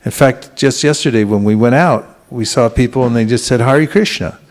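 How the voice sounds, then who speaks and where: Speaking at normal speed and medium pitch, a man delivers a spiritual talk to a congregation in a temple hall. He is gentle and in no hurry, frequently beginning again and asking his listeners questions.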